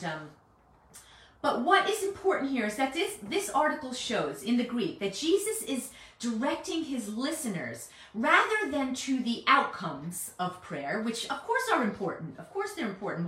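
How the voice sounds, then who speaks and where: A woman teaching scripture in a lively, fairly high voice that swings up and down as she presses each point. She speaks earnestly and keeps checking that her listeners are following. The sound carries a noticeable room echo. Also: distant mic. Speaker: Bible teacher. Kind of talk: conversational Bible teaching. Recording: echoey room.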